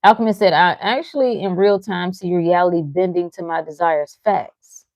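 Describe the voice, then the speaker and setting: Blunt, profane woman with a low, mellow voice. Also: normal speed, no room sound. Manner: frank, profane and teasing, with short laughs. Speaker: livestream host reading chat. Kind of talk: blunt motivational talk.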